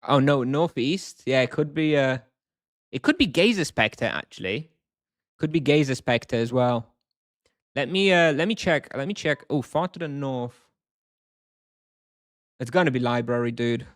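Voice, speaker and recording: A man in a casual live-stream, talking his way through a game and answering his chat. His voice sits at an ordinary middle pitch. The sound is dry and close, with no room around it. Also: animated, unhurried, long pauses, dry recording. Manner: thinks aloud, chatty, answers chat.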